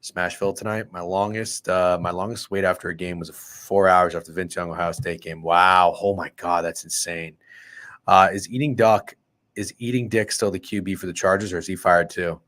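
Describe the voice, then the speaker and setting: A man's voice: deep voice, fairly even intonation, moderate pace, a bit bright. A man in his thirties hosting a sports betting podcast, brash, profane and trash-talking in casual chat. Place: podcast studio.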